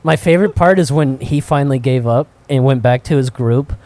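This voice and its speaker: A man co-hosting a podcast, telling profane, animated anecdotes with frequent laughter in casual chat. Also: medium pitch, a little fast, no echo. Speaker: podcast co-host. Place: cigar shop.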